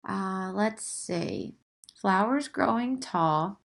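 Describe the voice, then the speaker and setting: A woman's voice: mid-range voice, animated, very slow, vocal fry. A young woman teacher giving a recorded lesson, speaking patiently, drawing out her words and often checking in with "okay?".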